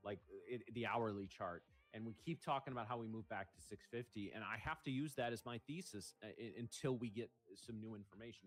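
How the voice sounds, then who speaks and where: A man co-hosting a livestream, giving measured, analytical live trading commentary while thinking aloud. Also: on the low side. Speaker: day trader co-hosting a livestream.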